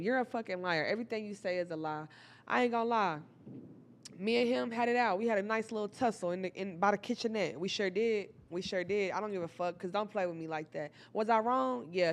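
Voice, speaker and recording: Here a young woman with a medium-pitched voice relates a personal tale to her viewers. It's relaxed, energetic and profane, with frequent shout-outs to the audience.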